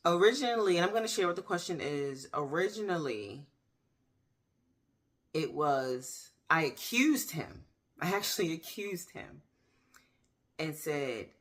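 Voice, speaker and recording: A woman in her thirties giving a candid personal faith testimony, talking straight to her viewers with pauses and restarts. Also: low voice, animated. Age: 30s. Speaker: faith vlogger. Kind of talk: personal faith testimony, casual talk to camera.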